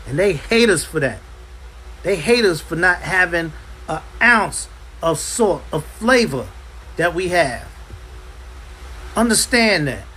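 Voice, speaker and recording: A man teaching a Bible class in an impassioned preaching style, forceful and hammering points home by repeating himself. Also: a little high, expressive, unhurried, a little hiss or hum, low-quality recording. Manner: forceful, repeats "understand" for emphasis. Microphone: livestream.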